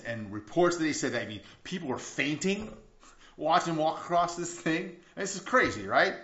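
A man preaching a sermon as pastor, telling a story emphatically and dropping to hushed tones. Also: mid-range voice. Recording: echoey room, dull lo-fi sound.

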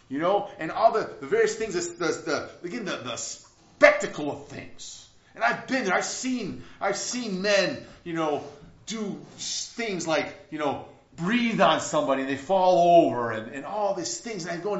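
Man, pastor, sermon, earnest, loud emphasis then quiet reflection, higher voice, dull lo-fi sound. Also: expressive, unhurried. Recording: roomy, dull lo-fi recording.

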